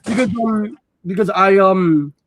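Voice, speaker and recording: Male co-host, fairly high voice, loose chatty delivery, lots of fillers. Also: a little slow, fairly bright tone, slight background noise. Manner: rambling, many ums and restarts. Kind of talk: casual chat.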